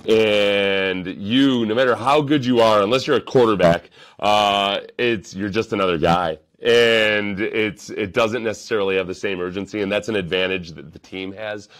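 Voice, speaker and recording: Deep-voiced host, wry reaction talk, thinks out loud, restarts a lot. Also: male voice. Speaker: sports podcast host. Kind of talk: casual reaction commentary.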